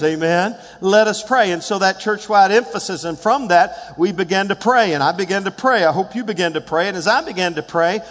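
A man in his sixties preaching a sermon as pastor, building to shouted calls and leading call-and-response with the congregation. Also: high voice, long reverb tail. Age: 60s. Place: church sanctuary.

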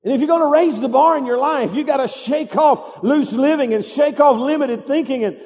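A pastor with a very high, slightly mellow voice speaks at normal speed, his sermon echoing with the long reverb of a big church sanctuary. He preaches with emphasis, calling on his congregation to respond and repeat his words.

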